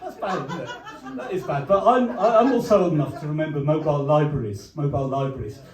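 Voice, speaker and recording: Older comedian, deadpan, roomy gig. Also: male voice, a little high, quick pace, a crowd in the background. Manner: deadpan one-liners, rambling asides. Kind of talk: stand-up comedy with comic songs. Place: live comedy venue, pub. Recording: roomy live gig recording from a distance. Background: guitar accompaniment.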